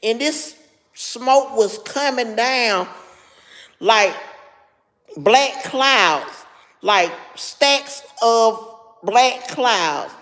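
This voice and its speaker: A woman's voice: on the high side, lively intonation, extremely slow, long pauses, a bit bright, big-room sound. A middle-aged woman with heavy, labored breathing tells a story to her live chat, stopping now and then to answer viewers by name. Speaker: livestream host.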